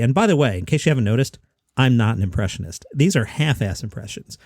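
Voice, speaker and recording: A man hosting a comedy news podcast, talking in a quick, chatty, self-mocking way. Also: medium pitch, very animated, no room sound, clean studio sound. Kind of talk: casual comedy news commentary.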